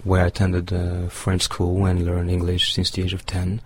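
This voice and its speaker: Very deep, flat-voiced man from Madagascar. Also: normal speed. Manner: hesitant, thoughtful, many fillers. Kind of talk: short unscripted statement.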